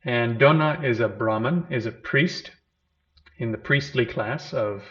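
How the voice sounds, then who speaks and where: A man's voice: mid-range voice, unhurried, a bit bright, muffled recording. A man giving a teaching talk, retelling an old scripture story and explaining its terms as he goes. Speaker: lecturer on Buddhism.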